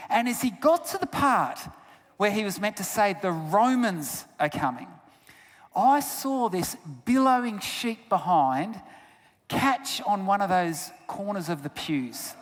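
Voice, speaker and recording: A man giving a sermon as a guest speaker, telling stories with big swings between loud bursts and hushed asides. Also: sits high, animated, measured pace. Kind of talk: storytelling sermon. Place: church sanctuary. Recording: long church reverb.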